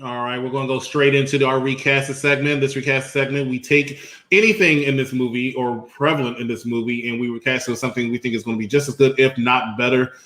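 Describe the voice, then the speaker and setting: A man hosting a podcast, briskly introducing a segment and moving the talk along. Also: medium pitch, fairly even intonation, a bit bright. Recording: echoey room.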